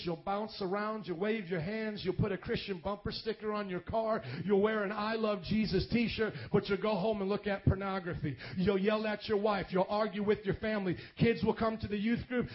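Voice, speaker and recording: Male pastor, high-pitched, impassioned sermon delivery with mimicry, lo-fi church audio over guitar. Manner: preaching with rising intensity and mimicked dialogue. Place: church sanctuary. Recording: dull lo-fi church recording with guitar music.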